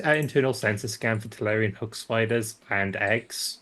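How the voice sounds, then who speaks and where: A man playing a tabletop role-playing game, narrating his character's actions in a halting, repetitive way. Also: on the low side, fairly bright tone. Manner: halting, repeats words while narrating actions. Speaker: player.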